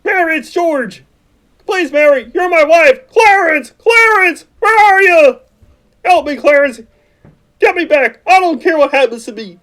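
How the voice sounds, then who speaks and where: A woman voicing a frantic, desperate male frog hero in a fan-made radio play, pleading and often shouting. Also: very high voice, expressive, a little slow, full character voice.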